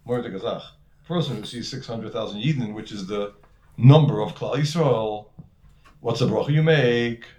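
A man's voice: mid-range voice, normal speed, darkish tone. Man giving a casual Torah talk. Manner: conversational, heavy Hebrew and Yiddish terms, repeats words. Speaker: rabbi teaching a class. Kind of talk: Torah lecture.

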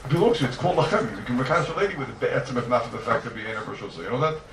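A man teaching a yeshiva-style Talmud class to students, animated and firing rhetorical questions at them. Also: mid-range voice, racing. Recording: roomy, distant mic, noisy ambience.

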